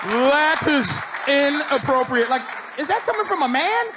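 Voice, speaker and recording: A man's voice: extremely high pitch, sing-song, normal speed. A man doing stand-up crowd work, teasing people in the audience and laughing through his lines. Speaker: stand-up comedian. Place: comedy stage before an audience. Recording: live room with faint crowd and noise.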